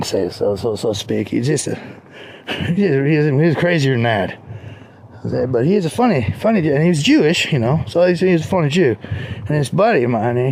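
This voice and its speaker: A man's voice: on the high side, darkish tone. Rambling man telling a tall tale. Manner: rambling, many restarts and repeated words. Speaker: storyteller. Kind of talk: rambling spoken story.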